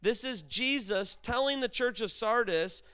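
A middle-aged man preaching in a casual, conversational way. His voice sits high and sounds clean and resonant. He often slips into acted-out dialogue and climbs higher to stress a point. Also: expressive, a little slow, sharp tone, smooth. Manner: conversational preaching, acts out dialogue, emphatic rises. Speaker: pastor. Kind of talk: sermon.

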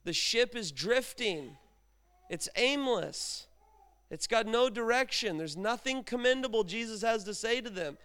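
A man's voice: very high voice, expressive, unhurried, a bit bright, clear, resonant tone. A middle-aged man preaching a sermon in a conversational way, acting out bits of dialogue and pushing his voice up for emphasis. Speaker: pastor.

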